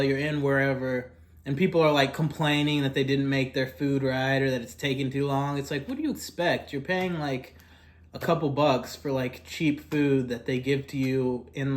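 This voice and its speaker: A young man talking casually about fast food in an eating vlog. He rambles, fills pauses with "like" and "kinda", and talks while eating. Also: medium pitch. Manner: rambling, filler-heavy, drifting softer and louder. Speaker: food vlogger.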